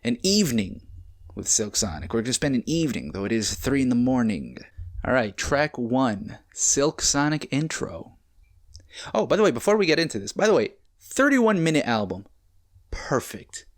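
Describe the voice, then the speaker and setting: A young man casually reacting to an album at home, rambling and excitable, swearing as he goes. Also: mid-range voice, moderate pace. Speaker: music reaction host. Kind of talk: casual music reaction commentary. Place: home, late at night. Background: faint music playing.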